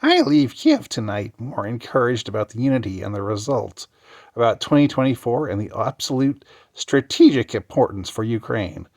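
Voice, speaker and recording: A man's voice: mid-range voice, very animated, a little mellow, voice pushed up. A man putting on the voice of a cackling, gloating woman official, drawn out and mocking. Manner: slow, drawn-out mocking delivery.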